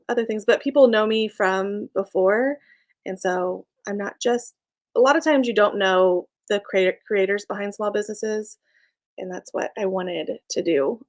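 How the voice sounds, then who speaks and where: A young woman chatting casually on a live stream, reading viewer comments, bubbly and laughing often. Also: mid-range voice. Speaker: small business owner and live streamer.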